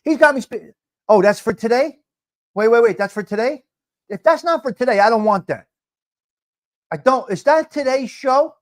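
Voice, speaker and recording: A man's voice: very high-pitched, animated, normal speed, pauses often. A middle-aged man hosting a casual live chat, teasing viewers, repeating himself and dropping Italian phrases. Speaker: livestream host.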